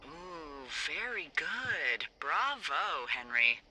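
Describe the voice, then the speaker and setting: An actress playing a wry, teasing lookout supervisor who swears freely, heard over a walkie-talkie radio in a video game. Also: female voice, fairly low pitch, animated, moderate pace, bright, forceful tone, heavily acted, poor audio. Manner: playful, sarcastic, swears freely.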